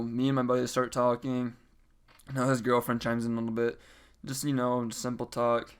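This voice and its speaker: A man's voice: mid-range voice, fairly bright tone, clean tone. A young man casually telling a storytime story, chatty and profane, acting out the others' lines in changed voices. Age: young adult. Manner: acts out quoted lines in varied voices.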